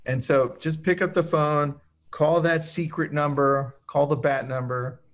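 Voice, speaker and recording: A man's voice: fairly high pitch, steady tone, unhurried. A man co-hosting a webinar in casual chat, upbeat and enthusiastic as he tells stories. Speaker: webinar co-host.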